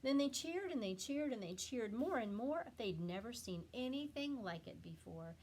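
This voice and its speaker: Woman teacher, storybook read-aloud for kids, lively bouncing pitch, expressive. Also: moderate pace, breathy edge. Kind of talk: reading a picture book aloud to children.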